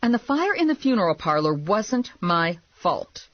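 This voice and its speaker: A woman's voice: lowish voice, sing-song, normal speed, no room sound, muffled recording, pitched above the performer's own voice. A woman reading the dialogue of a brash, wry, bossy young woman bounty hunter.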